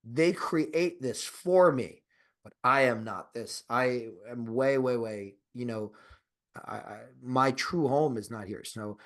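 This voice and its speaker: Here a male podcast co-host talks slowly in a medium-pitched voice with a fairly bright tone. The chat is casual and meandering, peppered with swearing, restarts and fillers, and he gets emphatic and insistent while making his case.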